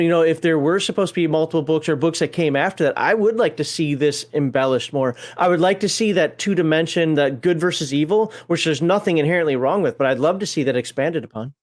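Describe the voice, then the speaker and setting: A man's voice: on the high side, fairly quick. An American man co-hosting a casual game-book chat, reading viewer questions and arguing over pronunciation. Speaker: podcast co-host.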